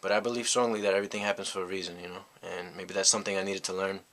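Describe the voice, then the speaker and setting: A man's voice: low voice, level tone, very fast, a bit bright. A young man from the United States tells a personal story in a rambling, reflective way, full of "you know" fillers. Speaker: vlogger. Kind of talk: casual storytelling monologue.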